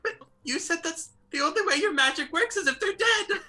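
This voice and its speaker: A timid, chubby little goblin paladin with a squeaky, giggly voice that leaps high and sparkles with brightness, voiced by a woman. He swings wildly in pitch, nervous and eager. The voice sits far above a normal speaking register. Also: expressive, a little fast, faint music behind, heavily acted.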